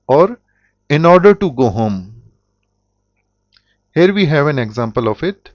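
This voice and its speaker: Slow-speaking man teaching. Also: a little high, animated, no echo. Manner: slow, deliberate, with self-corrections. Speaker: German teacher. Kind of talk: explanatory language lesson. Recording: dull, dry lo-fi audio.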